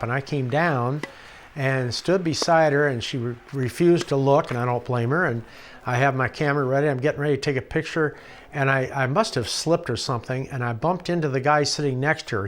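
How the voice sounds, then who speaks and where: A man's voice: mid-range voice, a bit bright, a little hiss or hum. Older man chuckling through anecdotes. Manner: rambling and chuckling, acts out quoted voices. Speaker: documentary interviewee. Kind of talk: storytelling anecdotes.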